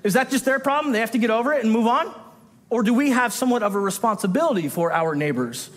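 Male pastor, conversational sermon delivery, high-pitched, long church reverb. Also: lively intonation, fast talker. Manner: conversational, self-interrupting, acts out quoted voices. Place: church sanctuary.

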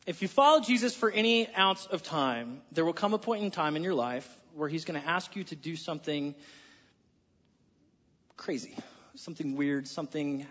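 A man preaching a sermon as pastor, animated, with wry sarcastic asides and soft near-whispered moments for emphasis. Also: fairly high pitch, in a large hall, highs cut off. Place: church sanctuary.

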